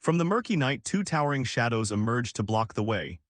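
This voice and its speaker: A male narrator who reads a story recap with dramatic flair. His pitch swings a lot, and the dry, close sound has no room echo. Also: expressive, a little fast.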